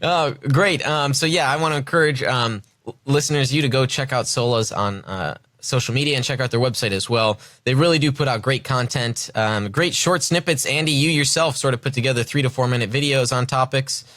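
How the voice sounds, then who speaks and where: A man's voice: mid-range voice, brisk, fairly bright tone, no room sound, clean studio sound. A man hosting a podcast interview, friendly and hesitant with many fillers as he asks questions. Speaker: podcast host.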